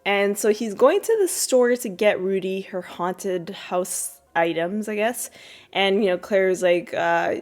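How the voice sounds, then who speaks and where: A woman's voice: slow pace, soft background music. A woman hosting a podcast, casually recapping a TV episode in a rambling way, with many fillers and restarts, her voice jumping up when she quotes characters. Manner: jumps high when quoting characters. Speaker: podcast host.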